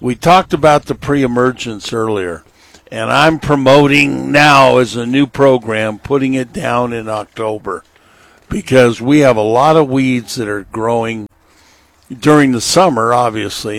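A middle-aged man hosts a radio gardening show, walking listeners through seasonal chores in a slow, folksy, instructive way. His voice sits at an ordinary pitch, and the studio sound is close and dry with no room around it. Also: dry recording. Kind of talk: radio gardening advice chat.

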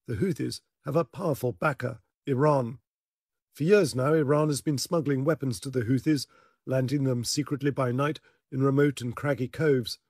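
A man narrates a news report with calm authority. His voice sits in an ordinary middle pitch and is recorded close and dry, with no room sound. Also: no echo. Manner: measured, authoritative delivery. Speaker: security correspondent.

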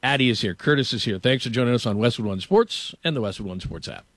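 A man's voice: mid-range voice, lively intonation, fast, fairly bright tone, no echo. A man hosting sports talk radio, telling a story in a rambling, casual way, laughing often and filling with "like".

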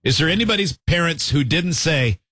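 Husky man hosting a chatty show. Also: on the high side, a little fast, no room sound, studio quality. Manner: animated, reads out listener texts, laughs often. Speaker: radio show host. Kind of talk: casual chat.

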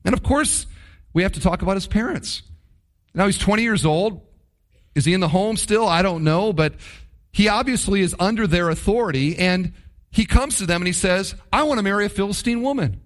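A man's voice: high-pitched, normal speed. A man preaching a sermon, stressing points by repeating phrases and asking rhetorical questions. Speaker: pastor.

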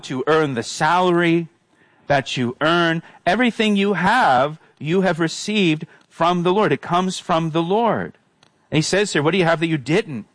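A man's voice: on the high side, no echo. A man, a pastor preaching an earnest sermon and repeating phrases for emphasis.

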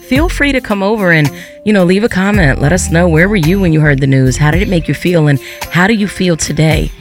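A man's voice: sits high, animated, fairly quick, soft background music. A man hosting a radio segment into a studio microphone, talking in a somber, openly emotional way. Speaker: radio host.

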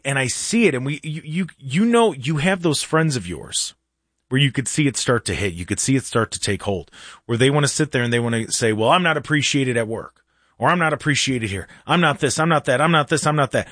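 A man hosting a casual talk show, ranting in an animated way and often restarting or repeating words. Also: a little high, husky, dry recording, studio quality. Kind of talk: casual opinionated chat.

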